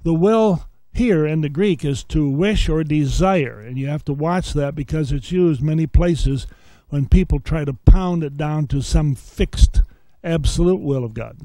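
A man teaches a Bible lesson in a preacher's cadence. He reads verses aloud and then explains them point by point. His voice sits a little high but sounds warm and mellow, and the recording is close and dry. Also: unhurried, dry recording. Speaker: seminary teacher.

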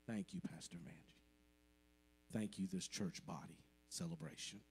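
During a church service, a member of the congregation delivers a moving, thankful testimony straight from the heart. His voice is low, a little mellow and fairly even, at a moderate pace, with slight background noise.

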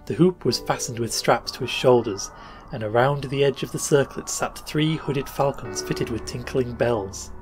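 A male podcast narrator telling an old tale in a steady, measured reading. His voice sits in an ordinary middle register. Soft music plays faintly beneath him. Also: medium pitch. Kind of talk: scripted storytelling narration. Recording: faint music bed under voice.

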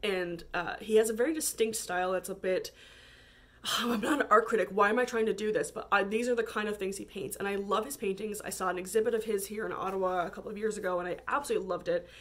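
A woman's voice: mid-range voice, fairly even intonation, fast, a bit bright. A woman from Canada chatting casually about books she bought, full of fillers and frequent laughter. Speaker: book vlogger. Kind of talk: casual chat.

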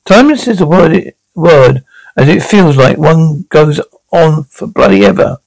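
A man's voice: on the high side, animated, a little slow, creaky, a little mellow, no room sound, exaggerated voice, rough recording. A man playing a fussy, proud male playwright who defends his own verse in a comic audio play. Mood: pompous. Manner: pompous, defensive.

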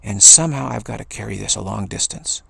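A man's voice: fairly low pitch, fast, vocal fry, pushed and bright, husky. A man giving an earnest spiritual talk, repeating key phrases and restarting sentences as he goes. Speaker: spiritual speaker.

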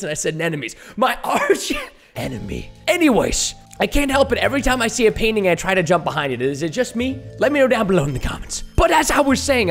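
An excitable man hosting a let's play, joking and laughing as he goes, with a very animated pitch that leaps around. A soft music bed plays faintly behind his voice. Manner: excitable, jokey, prone to laughing. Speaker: gaming video host.

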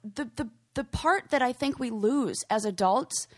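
A woman's voice: on the high side, measured pace. A young woman co-hosting a podcast, telling a story in a gushing, emotional way. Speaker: podcast co-host. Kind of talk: casual chat.

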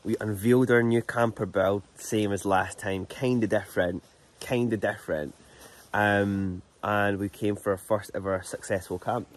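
A man's voice: on the low side, fairly even intonation, moderate pace. A young Scottish man chatting casually in an easygoing, rambling way while car camping outdoors by a loch. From Scotland. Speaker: vlogger. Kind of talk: casual vlog chat.

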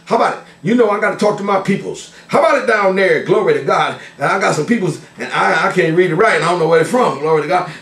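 A man's voice: high voice, expressive, quick pace, few pauses, a bit bright. An older man, a pastor, greeting his family and viewers in a playful, folksy way, peppering his talk with "glory to God" and "amen". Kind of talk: church service shout-outs. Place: church sanctuary. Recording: echoey church sound from a distance.

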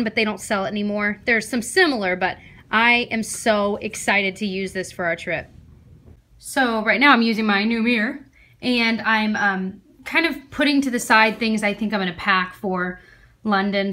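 A woman vlogging casually, excitedly showing gifts and chatting while out running errands. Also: mid-range voice. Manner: excited, gushing. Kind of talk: casual vlog chat. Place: at home and in a car.

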